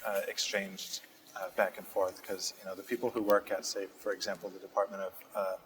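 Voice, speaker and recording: A young man, answering interview questions in a steady, thoughtful way with frequent fillers, in a community TV studio. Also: low voice, a little fast, slight background noise, low-quality recording. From Massachusetts. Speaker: state representative guest.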